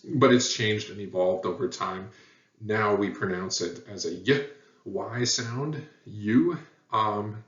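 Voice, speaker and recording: Man, lecture, lots of ums and uhs, roomy echo, off-mic, dull audio. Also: deep voice. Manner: explanatory, frequent fillers. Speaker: teacher. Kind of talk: lecture on language history. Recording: echoey room, dull sound, mic at a distance.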